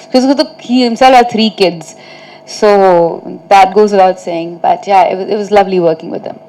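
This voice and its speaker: At a press meet, a woman who acts answers reporters with a chatty, storytelling flow, often laughing at her own funny anecdotes and peppering in "like" and "you know." She speaks at medium pitch and normal speed, over crowd noise in poor audio.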